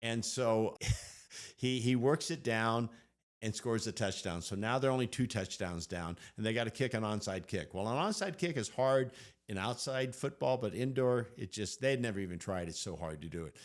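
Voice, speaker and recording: A middle-aged man co-hosting a faith podcast, telling stories in an animated, excited way. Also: on the low side, normal speed. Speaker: podcast co-host. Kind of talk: casual storytelling chat.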